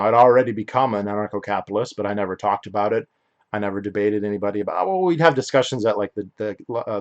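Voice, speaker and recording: A young adult man hosting a solo podcast, talking in a rambling, opinionated way with frequent restarts and self-corrections. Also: fairly low pitch. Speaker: podcast host.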